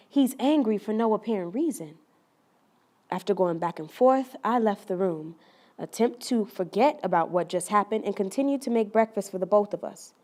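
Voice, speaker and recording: A woman's voice: fairly high pitch, darkish tone, lightly acted. A woman playing a wounded young woman, confiding and earnest. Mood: hurt. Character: young woman recounting a hurtful relationship, wounded but resolute. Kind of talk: dramatic monologue.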